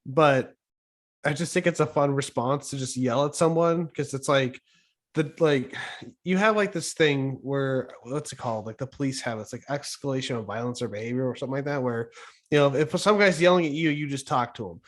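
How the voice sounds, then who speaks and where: Profane, rambling podcast co-host. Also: male voice, medium pitch, brisk. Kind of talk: casual chat.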